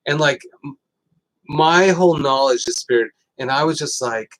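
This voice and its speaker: A middle-aged man hosting a casual health talk, telling stories with lots of fillers and getting animated. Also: a little high, a little fast, low-quality recording. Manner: rambling, animated storytelling with fillers. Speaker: host.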